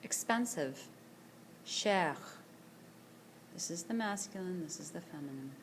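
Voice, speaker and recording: A woman teacher recording a screencast vocabulary lesson, speaking slowly and carefully and repeating each word for pronunciation practice. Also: fairly low pitch, lively intonation, a little hiss or hum. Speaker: French teacher. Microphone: tablet screencast voice-over.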